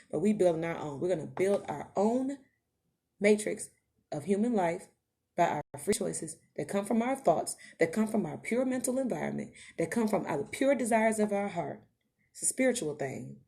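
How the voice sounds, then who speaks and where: A woman's voice: mid-range voice, lively intonation, normal speed, creaky, warm tone. A woman podcast host, giving an impassioned motivational monologue that rises to emphatic calls to her listeners. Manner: preachy, rising to emphatic calls to the audience.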